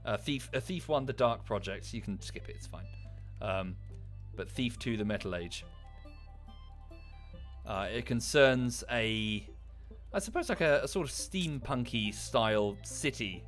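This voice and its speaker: A man's voice: mid-range voice, lively intonation, a little slow, faint music behind. A man with a British accent chatting casually on a livestream while playing a game, rambling with enthusiasm and swearing freely. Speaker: streamer.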